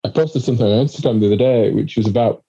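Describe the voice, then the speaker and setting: A man with a husky, mellow voice talks in an animated, encouraging way and swears casually. The recording sounds dull and lo-fi. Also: on the low side, racing. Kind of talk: casual conversation.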